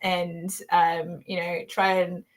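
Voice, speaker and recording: A middle-aged woman from Australia with an Australian accent, hosting a casual conversation in an animated way and laughing often. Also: fairly low pitch, slow pace. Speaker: podcast host.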